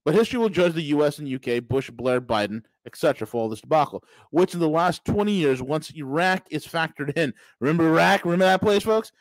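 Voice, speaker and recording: A man's voice: on the high side, lively intonation, quick pace, few pauses, no room sound, low-quality recording. A man hosting a podcast, delivering a sarcastic, mocking political monologue with emphatic bursts. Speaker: podcast host.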